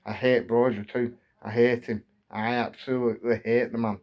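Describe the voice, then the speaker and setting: On his channel, a football fan from England in his thirties vents to camera, his frustration building as he says the same things over and over in a heated way. He speaks at a moderate pace with a medium pitch and level tone, and the recording has its highs cut off.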